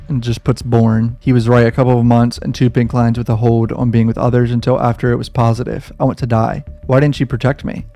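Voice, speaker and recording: A man reads a diary aloud for his reaction video, stopping to react in shaken disbelief. His tone is warm and mellow, and he swears when the anger takes over. His voice sits at an ordinary pitch for a man.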